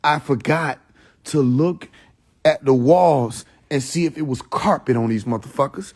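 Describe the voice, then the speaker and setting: A man hosting a casual livestream, ranting with lots of swearing and mocking laughter, swinging between loud outbursts and mutters. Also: mid-range voice, measured pace. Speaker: livestream host. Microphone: phone.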